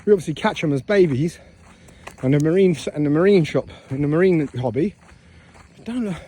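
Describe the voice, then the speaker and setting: Chatty British man with a mellow voice. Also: fairly high pitch, lively intonation, brisk, slightly rough. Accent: British English. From England, raised there from about age four. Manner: chatty, self-mocking, drifts between topics. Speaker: travel vlogger. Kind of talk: casual rambling vlog talk. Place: outdoors at night on an island path, walking. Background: crickets and insects.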